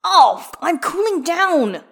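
A woman's voice: medium pitch, expressive, a little fast, lightly acted. A woman reading the lines of a wry, easygoing male figure skater in a fan story. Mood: protesting.

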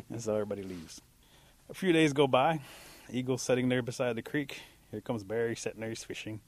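A male storyteller telling an animal folktale aloud. His delivery is folksy and unhurried, and his voice sits mid-range. He jumps up in pitch for emphasis.

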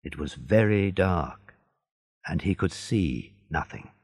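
Male narrator for a learners' audiobook, low and gravelly, close and dry. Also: dry recording. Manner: slow, deliberate, expressive.

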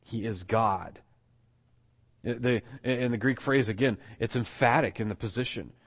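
A man's voice: mid-range voice, a little slow, slightly rough. A man preaching a sermon, teaching emphatically and often restarting his phrases. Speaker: pastor.

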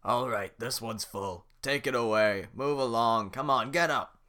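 A bossy, callous head guard barking short orders down a line, as a man puts him on. The voice is raised and loud, bright and hard-edged. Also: medium pitch, animated, unhurried, pitched above the performer's own voice.

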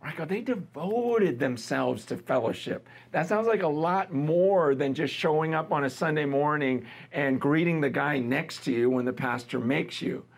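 A middle-aged American man preaching a sermon in a conversational, lively way, with frequent fillers and restarts. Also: a little high, normal speed, gravelly, hardly any pauses. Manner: conversational, lively, laughs with the congregation. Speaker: pastor.

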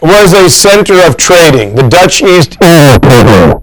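A man's voice: a little high, big pitch swings, normal speed, a little hiss or hum, low-quality recording. A man teaching a history class in a casual lecture, joking and teasing his students.

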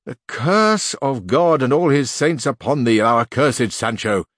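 A man's voice: mid-range voice, expressive, a little slow, a bit bright, no echo, studio quality. A man voicing a lofty, indignant old knight who declaims in archaic, scolding tones.

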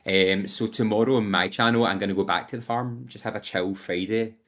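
A man's voice: lowish voice, fairly even intonation, a little fast, a bit bright. A young man co-hosting a podcast, chatting casually and rambling through gaming stories. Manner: chatty and rambling, quoting game lines in put-on voices. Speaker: podcast co-host. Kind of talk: casual chat.

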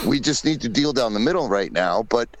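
A man's voice: medium pitch, lively intonation, fairly quick, rough recording. A man co-hosting a podcast in casual chat, blunt, opinionated and profane. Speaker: podcast co-host.

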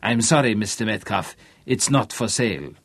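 A man's voice: fairly low pitch, animated, moderate pace, a bit bright, husky, no room sound, full character voice. A man voicing a nervous young man faking a German accent, hesitant and stiffly formal. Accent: put-on German.

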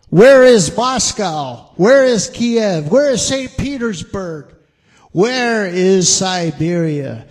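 A man's voice: high-pitched, animated, slow. A man ranting profanely as he comments on music, mocking, and stretching out repeated questions. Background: faint guitar playing.

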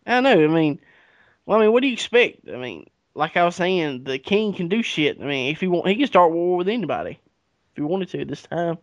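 A man's voice: high voice, fairly quick, dry recording. Profane man telling history. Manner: profane, animated storytelling with acted-out dialogue. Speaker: podcast co-host. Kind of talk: casual history chat. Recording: dull lo-fi recording.

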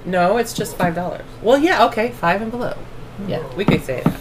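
A woman's voice: mid-range voice, lively intonation, a little fast, background noise. A middle-aged mother co-hosting a casual family podcast, chatty and rambling with frequent laughter.

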